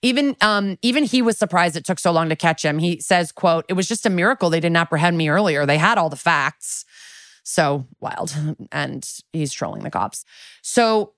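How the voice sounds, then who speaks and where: A woman's voice: lowish voice, animated, moderate pace, a bit bright, no echo, clean studio sound. A woman co-hosting a true-crime podcast, chatting casually, swearing freely and using lots of filler words. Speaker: podcast co-host.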